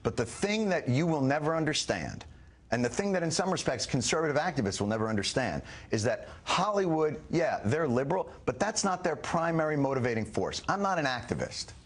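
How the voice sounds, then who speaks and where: A middle-aged man defends himself in a televised interview, his voice rising and falling widely as he argues. He talks emphatically and pushes back fast, pressing each point. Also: a little high, big pitch swings. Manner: emphatic, argumentative, quick rebuttals. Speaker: comedian and guest. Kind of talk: heated TV interview debate.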